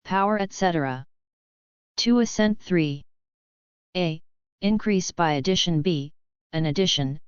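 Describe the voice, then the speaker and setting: A woman reading dictionary entries aloud in a slow, measured, list-like way. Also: on the low side, smooth, dry recording, dull audio. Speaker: dictionary reader.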